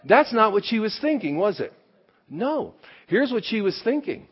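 A male pastor preaching a sermon at a church service, animated and conversational, with many rhetorical questions to the congregation. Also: high-pitched, moderate pace, breathy edge, lo-fi sound.

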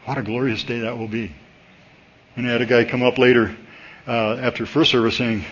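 Man, husky voice, pastor preaching at a church service, conversational sermon, pitch leaps when excited, dull lo-fi recording. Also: brisk, long pauses.

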